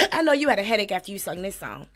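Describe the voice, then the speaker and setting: A woman hosting a comedic vocal critique, sassy and mocking, bursting into exaggerated loud sung imitations. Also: medium pitch, big pitch swings, quick pace, soft background music. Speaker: host critiquing a singer. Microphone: desk mic.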